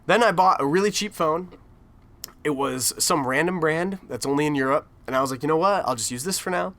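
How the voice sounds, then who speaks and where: A man's voice: fairly high pitch, fairly quick, fairly bright tone. A young man from the United States hosting a casual comedy podcast, rambling through a story, swearing and laughing often. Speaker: podcast host.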